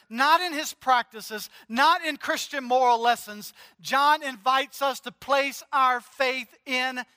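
A man's voice: extremely high pitch, bright, forceful tone. A man preaching a sermon as pastor, earnest and emphatic, driving points home through repetition. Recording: long hall reverb.

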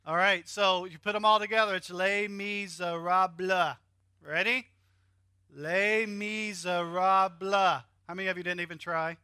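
A man's voice: sits high, fairly even intonation, fast talker, hardly any pauses, sharp tone, no echo, clean studio sound. A man with a Southern US accent preaching a sermon, joking with the congregation and having them repeat words after him. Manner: joking, teaching with call-and-repeat. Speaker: pastor.

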